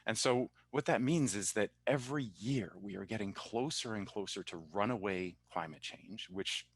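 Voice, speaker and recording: A man with a fairly low voice explains his points in a measured, lecturing way as a panelist. He speaks over a video call, and the sound is dry and close. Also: husky, dry recording. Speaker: university professor panelist. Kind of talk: panel discussion.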